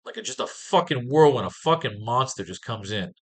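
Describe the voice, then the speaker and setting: In a mid-range voice that's animated and fairly quick, a man teaches a writing class, planning comic pages and reading panels aloud. His talk is casual and full of swearing.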